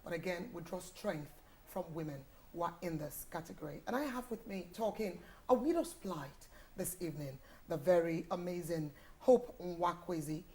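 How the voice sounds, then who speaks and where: A woman's voice: lowish voice, animated, normal speed, mellow. A woman hosting a TV panel, introducing and praising her guests effusively. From Nigeria. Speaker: TV show host.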